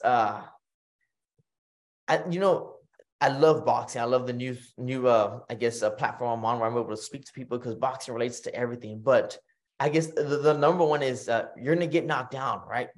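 A man's voice: medium pitch, normal speed. A man with a Texan accent talks as a podcast guest in a mid-range voice. He tells personal stories with energy, acts out the voices of people around him, and often stops and restarts his sentences. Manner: animated storytelling, acts out quoted voices, frequent fillers and restarts. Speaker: podcast guest, retired boxer. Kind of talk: storytelling in casual conversation.

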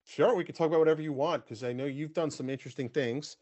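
A man's voice: a little high, quick pace, a little mellow, dry recording. A man hosting a casual video-call interview, chatty and rambling with fillers and restarts. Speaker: podcast host.

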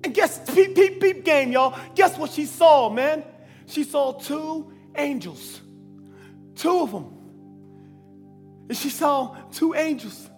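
A man preacher giving a lively sermon in slang, with bursts of shouting. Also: very high-pitched, takes it slowly, pauses often. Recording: long hall reverb, faint music.

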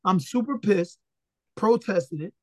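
A man's voice: sits high, slow, background noise. A man from Philadelphia, a retired boxer, talks casually as an interview guest, recounting stories bluntly with profanity and acting out the voices of people he quotes. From Philadelphia, USA. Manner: animated, blunt and profane, acts out quoted dialogue.

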